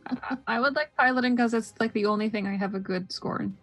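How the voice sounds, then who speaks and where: A woman chatting casually at a tabletop game, quick to giggle. Her voice is bright and sharp and sits somewhat high. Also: soft background music. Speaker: player.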